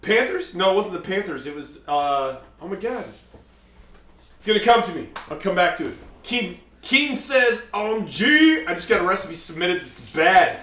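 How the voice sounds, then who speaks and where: A man's voice: high voice, very animated, normal speed, pushed and bright. A man hosting a live cooking stream in his kitchen, chatting casually and reading out viewer comments. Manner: chatty, reads out viewer comments, lots of fillers. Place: home kitchen. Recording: echoey room, mic at a distance.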